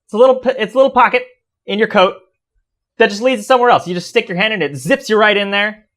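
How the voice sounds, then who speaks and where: A man co-hosting a podcast, improvising a comedy product pitch in a dry, matter-of-fact way. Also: quick pace, a bit bright. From United States. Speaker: podcast co-host.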